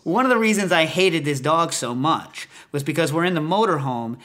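A man's voice: fairly high pitch, lively intonation, normal speed, fairly bright tone. A man hosting a podcast, telling a rambling comic story full of asides. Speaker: podcast host.

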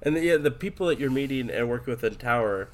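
A man's voice: mid-range voice, expressive, quick pace. A man chatting casually about a video game, rambling with lots of fillers and restarts and swearing freely.

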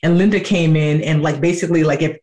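Animated woman telling her story. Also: low voice, fast talker. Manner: animated, acts out quoted voices. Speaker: guest. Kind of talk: conversational interview storytelling.

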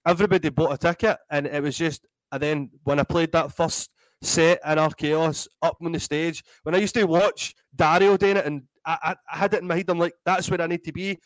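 A Scottish man in his thirties, a DJ and comedian telling animated, sweary stories in a casual interview. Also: a little high, fairly quick, no echo, low-quality recording. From Scotland. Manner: animated, swears freely, acts out voices in anecdotes. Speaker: guest DJ and comedian.

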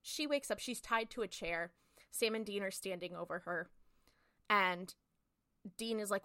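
A woman co-host tells the story of a TV episode in a quick, chatty way, acting out each character's lines. Her voice is bright and clear. The sound is close and dry, with no room around it. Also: mid-range voice, dry recording. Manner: chatty, animated storytelling with lots of "like" and acted-out quotes. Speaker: podcast co-host. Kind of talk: casual chat recapping an episode.

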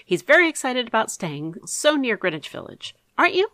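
A worried, fussing mother, as a woman voices her, coaxing and anxious. Her voice is bright and swings widely in pitch, recorded close and dry. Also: big pitch swings, a little fast, dry recording.

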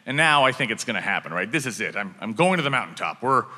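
A man telling a comic story on stage, acting out the people in it and breaking into shouted dialogue. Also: lowish voice, quick pace. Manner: animated, acts out shouted dialogue. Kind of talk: live comedic storytelling. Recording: long hall reverb.

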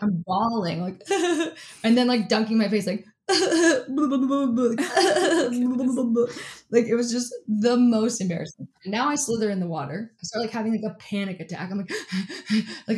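Animated woman telling a story, laughing. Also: mid-range voice, fairly quick, few pauses. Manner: animated, fills speech with "like", laughs often. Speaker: interview guest, athlete and keynote speaker. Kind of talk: casual storytelling in an interview.

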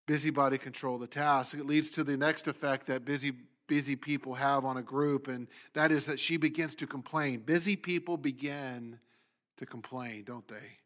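A man preaching a sermon as pastor, speaking with animated emphasis and sometimes voicing the complaints of people in the story. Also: mid-range voice, normal speed.

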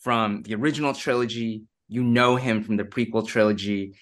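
A man's voice: on the low side, steady tone, normal speed, a bit bright. A man talking in a casual podcast chat, thoughtful and explaining at length.

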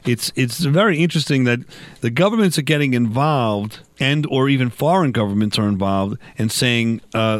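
A man's voice: medium pitch, animated, brisk, no echo. A man hosting a casual talk show, rambling and correcting himself with jokey asides. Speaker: show host.

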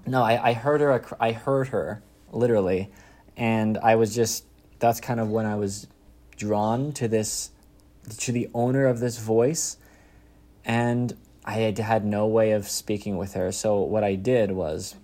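A young man chatting casually in an interview, rambling and restarting with quick laughs. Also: fairly low pitch, warm tone. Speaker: content creator making comedy skits.

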